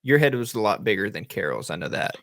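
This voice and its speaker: A man, a podcast co-host chatting casually and asking relaxed follow-up questions. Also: fairly low pitch, fast talker, dry recording, studio quality. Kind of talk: casual chat.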